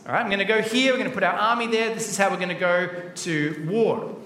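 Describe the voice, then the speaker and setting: High-voiced playful man in a roomy hall. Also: fast talker, few pauses, sharp tone, recorded from a distance. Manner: playful and chatty, acting out the story. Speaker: children's Bible talk presenter. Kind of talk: lively children's Bible talk. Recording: roomy hall with faint background noise.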